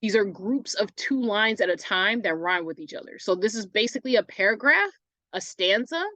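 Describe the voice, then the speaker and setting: A woman's voice: mid-range voice, expressive, moderate pace, sharp tone, no room sound. A woman teacher giving a recorded online English lesson, casual and self-correcting, often asking "right?" as she goes.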